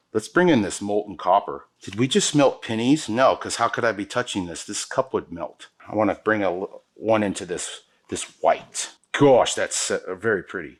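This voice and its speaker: A man teaching an epoxy pour as the show's host. He talks to viewers in an enthusiastic, slangy way while he works. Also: lowish voice. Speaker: epoxy countertop instructor. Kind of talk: hands-on product demonstration.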